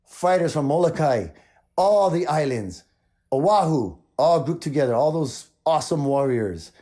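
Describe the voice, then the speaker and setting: A man from Maui hosting his own show, talking in an excited, rambling way with lots of repeats. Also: mid-range voice. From Maui, Hawaii. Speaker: show host. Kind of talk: casual video chat.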